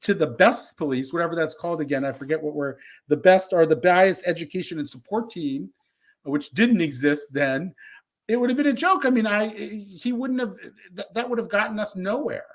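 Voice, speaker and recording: A man's voice: high-pitched, normal speed. A man co-hosting a podcast, telling stories in a thoughtful, loose conversational way. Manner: thoughtful, loose storytelling with fillers. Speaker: podcast co-host.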